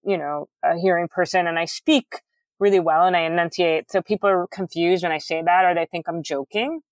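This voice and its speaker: Woman guest, middle-aged, lowish booming voice, crisp enunciation, candid chatty delivery, dry close sound. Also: steady tone, brisk, no echo. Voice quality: loud, booming, enunciates carefully. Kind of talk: casual interview chat.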